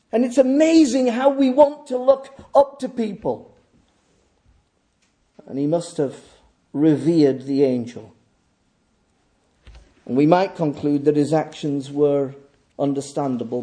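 A male preacher with a fairly high voice but a very dark, mellow tone. He speaks slowly and deliberately. He leans hard on key words as he delivers his sermon. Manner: measured, emphatic preaching with slow deliberate pauses.

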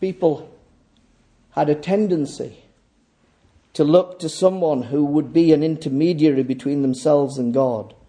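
A male preacher with a fairly high voice but a very dark, mellow tone. He speaks slowly and deliberately. He leans hard on key words as he delivers his sermon. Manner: measured, emphatic preaching with slow deliberate pauses.

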